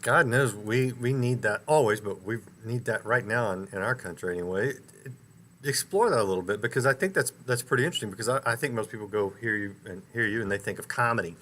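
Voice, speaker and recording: A man hosting a live talk show, introducing and questioning a guest in an upbeat, slightly halting way. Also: lowish voice, fairly bright tone, slight background noise. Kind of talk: interview host introduction.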